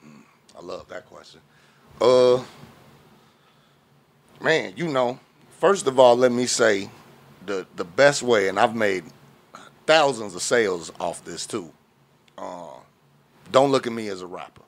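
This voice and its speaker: A man with a fairly low voice talks about his music in an easy interview setting. He answers in a loose, animated way, drifting into anecdotes and leaning on fillers as he goes. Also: a little slow, pauses often. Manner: animated storytelling with many fillers. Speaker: underground hip hop artist.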